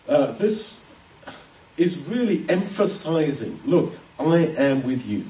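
A man's voice: mid-range voice, sing-song, measured pace, mellow. A man preaching an expository sermon, earnest and emphatic, often restarting words. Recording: echoey room, voice from a distance.

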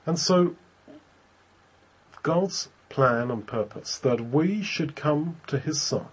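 A man preaching a sermon on a scripture passage. He speaks in a thoughtful, halting way, often repeating words as he searches for how to say things. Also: a little high, expressive, husky, rough recording.

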